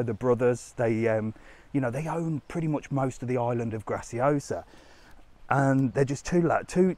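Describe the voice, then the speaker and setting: A chatty man walks through a resort town talking to his live-stream viewers on a phone mic. His voice sits at an ordinary middle pitch, and he rambles loosely between asides, laughing easily as he goes. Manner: drops to a hushed whisper indoors. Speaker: travel vlogger streaming live. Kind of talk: casual live-stream walking tour. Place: outdoors in a resort town, walking.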